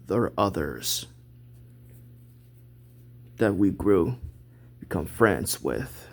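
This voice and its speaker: A man with a low, slightly husky voice, unhurried as he spins out a rambling story for an amateur web series. He talks in a loose, halting way, circling back and restarting his sentences as he goes. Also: sing-song. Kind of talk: casual hobby role-play chat.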